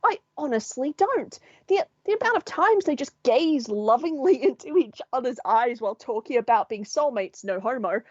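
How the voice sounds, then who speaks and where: Animated, sweary woman podcaster. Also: sits high, moderate pace, few pauses, husky, no room sound. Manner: animated, sweary, laughing storytelling. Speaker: podcast co-host. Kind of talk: casual chat. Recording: dull, dry sound.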